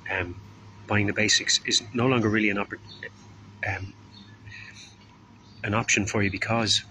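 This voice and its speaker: A man giving an informal, earnest sermon as a street preacher, unhurried and drawing out his words, sometimes acting out the voices of people he quotes. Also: fairly low pitch, bright, forceful tone, slight background noise.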